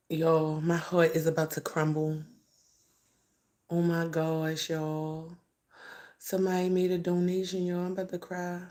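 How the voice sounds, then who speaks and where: A woman with a lowish, darkish voice speaks slowly and evenly, pausing often, as she talks casually to her livestream viewers. She's a grieving mother, blunt and profane, swinging between scorn and grief.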